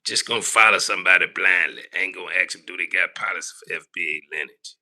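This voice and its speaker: Guy scolding his live stream audience, super bright sharp voice, preachy, keeps saying boy. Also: fast talker, few pauses. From Southern United States. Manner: big swings between low grumbling and raised shouting. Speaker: livestream host. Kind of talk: ranting live-stream commentary.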